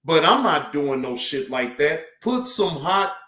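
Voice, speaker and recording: High-voiced animated man hosting a live stream. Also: unhurried, echoey room. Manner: animated, loud laughter, profane. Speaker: host. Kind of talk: casual live-stream chat.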